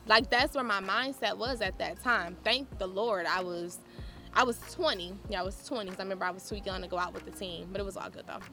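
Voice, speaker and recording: Animated woman telling her story. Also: mid-range voice, brisk, soft background music. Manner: candid, animated storytelling with laughter. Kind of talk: personal testimony talk.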